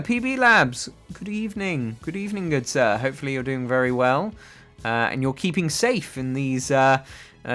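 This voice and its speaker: A man's voice: medium pitch, a bit bright. Young male streamer, casual and rambling, reads chat aloud over a desk mic, faint background music. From England. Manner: chatty, rambling, with frequent fillers. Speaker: livestream host. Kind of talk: casual livestream chat reading viewer comments. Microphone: desk microphone.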